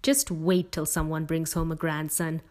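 Mother, brisk, reassuring, storybook, woman reading. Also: low-pitched, level tone, darkish tone, natural voice.

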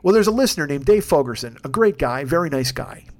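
A podcast host delivers a profane, rambling comedic rant. His voice sits high for a man, and the words tumble out at a rapid clip. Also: animated.

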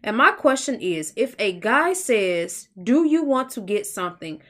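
A woman co-hosting a casual podcast, reading listener questions aloud and reacting with animated exclamations. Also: fairly high pitch, measured pace. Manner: animated, exclaiming, laughs often. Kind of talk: casual chat.

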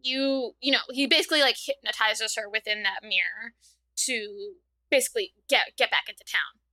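A woman co-hosting a podcast, chatting casually about a film and chiming in easily between the other host's runs. her voice is bright and a bit high, recorded dry and close. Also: normal speed, no echo, poor audio. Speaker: podcast co-host. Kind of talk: casual movie discussion.

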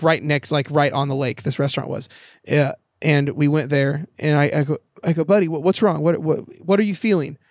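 A man chatting candidly outdoors for a podcast, a bit higher than most men and recorded close and dry. He tells his story in a loose, swearing way, slipping into the voices of the people in it. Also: darkish tone, dry recording. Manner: candid, swears freely, storytelling with quoted dialogue. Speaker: podcast guest. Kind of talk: casual conversation. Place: outdoors in a backyard.

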